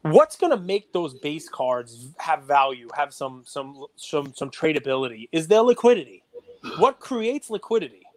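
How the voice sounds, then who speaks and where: A man co-hosting a podcast, talking casually and getting animated and worked up. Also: fairly high pitch, moderate pace. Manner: animated, gets worked up and loud. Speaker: podcast co-host.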